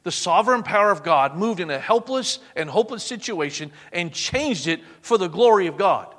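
A male preacher delivers a dramatic sermon, his voice sitting high. He sinks to a hush for quoted words. A long reverb from a large hall trails every phrase. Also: animated, moderate pace.

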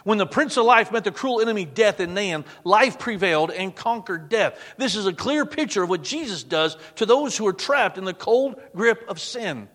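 A male preacher giving a dramatic sermon, dropping to a hush on quoted words. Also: high voice, lively intonation, normal speed, few pauses, in a large hall.

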